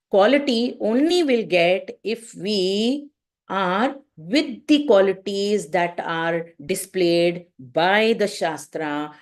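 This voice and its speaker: A woman with an Indian accent giving a devotional class online, telling stories and acting out voices with lots of "you know" fillers. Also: on the low side. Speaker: spiritual class teacher. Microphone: video call.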